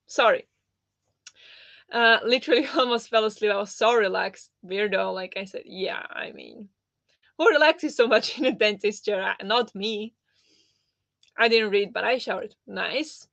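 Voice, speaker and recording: A woman chatting casually on a livestream, trailing into fillers and reacting to comments as she goes. Her voice sits at a middling pitch. The sound is dull and lo-fi, with no room echo at all. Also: moderate pace, gravelly, fairly bright tone. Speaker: livestream host.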